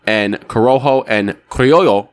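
An easygoing man co-hosting a casual podcast. He explains things calmly and without hurry, in a voice of ordinary middle pitch. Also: measured pace, clear, resonant tone. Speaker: podcast co-host.

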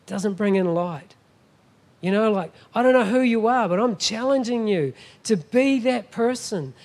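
A man's voice: high-pitched, a little mellow. A middle-aged man preaching a sermon as a guest pastor, emphatic and often asking the congregation "Amen?".

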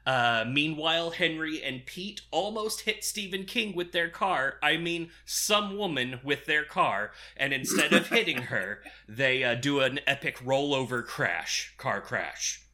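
A man's voice: fairly high pitch, lively intonation, a little slow, hardly any pauses, bright, forceful tone. A man recapping a movie plot in casual, crude, sarcastic podcast chat. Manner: sarcastic, crude, laughing often.

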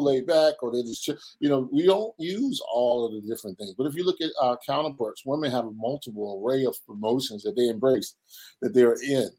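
A man in his fifties speaks in an earnest, preacherly way as an interview guest. His voice sits at an ordinary middle pitch, and he slips into short quoted voices while he makes his points. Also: a little mellow, low-quality recording. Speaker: guest, pastor and men's ministry leader. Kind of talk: conversational interview.

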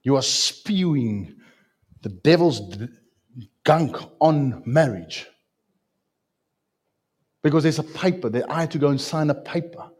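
A man's voice: a little high, animated, a little slow, pauses often, darkish tone, breathy edge. A man preaching a sermon in an emphatic way, repeating phrases and asking his listeners questions.

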